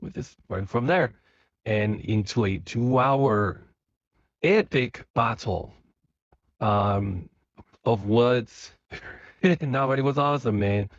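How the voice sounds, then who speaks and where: A man's voice: medium pitch, slow, long pauses, no echo, lo-fi sound. A man from Spain talking to himself while driving home, rambling casually with lots of fillers and restarts. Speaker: vlogger. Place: car.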